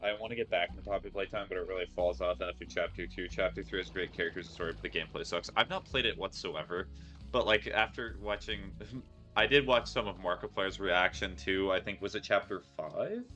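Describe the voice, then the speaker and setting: A man's voice: low-pitched, a little fast, sharp tone, soft background music. A young man chatting playfully while streaming a game, laughing often. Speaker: gaming streamer. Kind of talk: casual gameplay commentary.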